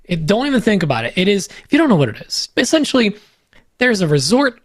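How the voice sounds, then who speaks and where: A high-pitched, very animated man reads sponsor spots on a podcast, talking fast in an upbeat, joking way full of loose fillers. His first language is Polish, and the recording is dry and studio quality.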